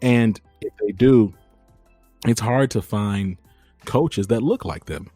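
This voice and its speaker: A young man hosting a podcast, talking in a lively casual way and calling his listeners y'all. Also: on the low side, slow, no room sound, faint music behind. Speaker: host.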